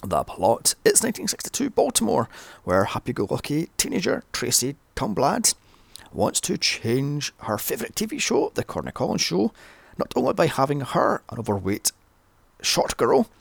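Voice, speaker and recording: A man's voice: medium pitch, huge pitch swings, normal speed, creaky, slightly rough, dry recording. A man giving a blunt, sweary, ranting film review. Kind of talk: casual solo review.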